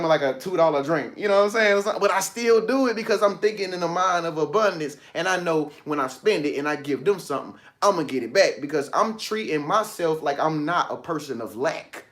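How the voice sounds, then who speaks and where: An animated man hosts a motivational talk in a slightly higher-than-usual voice. He preaches in loose, colloquial speech and often breaks into laughter. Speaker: motivational video host.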